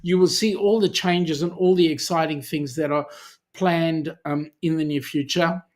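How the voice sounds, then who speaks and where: A man's voice: a little high, steady tone, moderate pace. Chatty Australian man hosting a livestream. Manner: chatty, reads viewer comments aloud and answers them. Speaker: charity channel host. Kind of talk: casual livestream chat.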